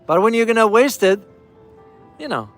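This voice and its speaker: A high-pitched, expressive man talks at normal speed over faint background music. His casual travel commentary follows a ride through a city, with viewers addressed as "guys" and key phrases repeated for emphasis.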